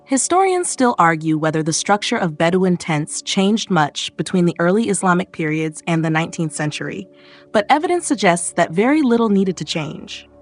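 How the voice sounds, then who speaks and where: A woman narrating a bedtime history story in a soft, calm, gently wry second-person voice, recorded on a close studio mic. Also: on the low side, normal speed. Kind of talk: scripted sleep-story narration. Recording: narration over faint background music.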